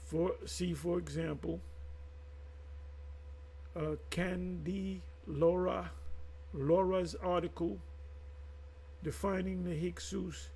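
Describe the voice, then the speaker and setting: Man host, high voice with husky gravel, rambling and emphatic, unscripted commentary to his viewers. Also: a little mellow. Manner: rambling, halting, with frequent restarts and asides; emphatic, addressing viewers directly. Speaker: channel host teaching Bible history. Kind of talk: casual unscripted commentary, reading sources aloud.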